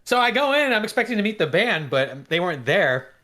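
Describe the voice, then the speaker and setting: A man co-hosting a podcast, telling a story in a lively way and acting out the people in it. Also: high voice, fairly quick. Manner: animated, acts out quoted voices. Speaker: podcast co-host. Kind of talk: casual storytelling chat.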